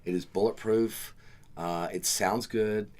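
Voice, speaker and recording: A man with a Southern US accent and a lowish voice hosts a relaxed podcast chat. He jokes around and acts out his stories as he explains things to listeners. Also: slow. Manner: animated, joking, acts out stories. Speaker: podcast host and karaoke KJ. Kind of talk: casual chat.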